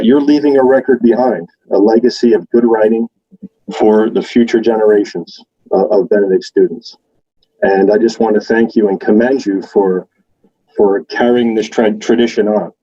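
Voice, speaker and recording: A man's voice: lowish voice, unhurried, dark tone, slightly rough, highs cut off. A man teacher giving proud, encouraging closing words to his students. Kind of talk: closing remarks.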